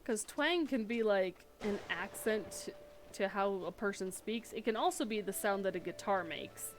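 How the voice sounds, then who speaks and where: A woman's voice: medium pitch, normal speed, slight background noise. Chatty woman streamer rambling over a game. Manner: chatty, rambling, self-deprecating. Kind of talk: casual gameplay chat.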